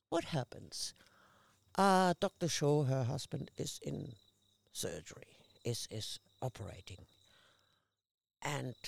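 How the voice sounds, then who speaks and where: A woman, a guest actress, telling lively anecdotes in casual conversation and acting out the people she quotes. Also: deep voice, creaky, dry recording. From Australia. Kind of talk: casual chat.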